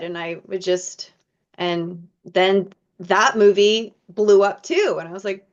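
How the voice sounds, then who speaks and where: A woman actress from Michigan chatting in an interview, telling lively stories and acting out the lines of other people. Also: mid-range voice, unhurried. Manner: animated storyteller, acts out quoted dialogue. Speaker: actress guest. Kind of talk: casual interview chat. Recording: muffled lo-fi audio.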